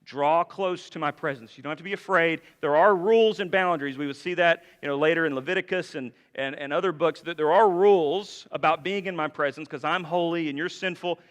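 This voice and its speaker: Male pastor, bright and forceful tone, chatty sermon delivery, long church reverb. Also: a little high, fairly quick, few pauses. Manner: conversational preaching with frequent rhetorical questions. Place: church sanctuary.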